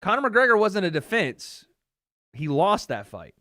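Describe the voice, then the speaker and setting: A man from Tennessee hosts a livestream watch party, reading chat in a loose, slangy way with a touch of swearing. His voice sits a bit higher than most men's. When the fight picks up, he gets loud and excited. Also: a little slow. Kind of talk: casual livestream chat, reading viewer questions.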